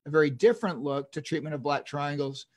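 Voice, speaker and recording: A man's voice: fairly high pitch, quick pace, darkish tone. A man in his fifties, a dentist giving an online lecture, telling stories enthusiastically with chuckles and restarts.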